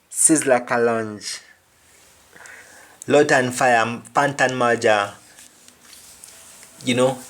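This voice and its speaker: Male language tutor, unhurried, repeats every example, mid-range voice. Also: medium pitch, fairly bright tone. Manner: slow, repeats each word and phrase. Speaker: language teacher. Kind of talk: explaining vocabulary with examples.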